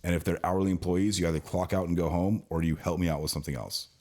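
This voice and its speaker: Fast and steady in tone, his low, somewhat mellow voice runs through a long venting story about the car dealership service department where he works. He's a Californian co-hosting a casual podcast, and he restarts frequently.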